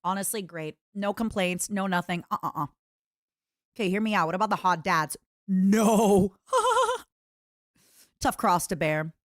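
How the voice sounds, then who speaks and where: Young woman streamer, casual chat, animated with pitch swinging wide, dry close-miked voice. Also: measured pace, pauses often, no echo. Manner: animated, bursts into high-pitched imitations.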